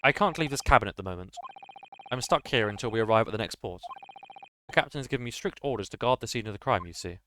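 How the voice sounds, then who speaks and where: A man's voice: lowish voice, expressive, fast talker, sharp tone, a little hiss or hum. A man voicing an earnest, dutiful police inspector who speaks formally, reading game dialogue aloud. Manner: formal, solemn speech.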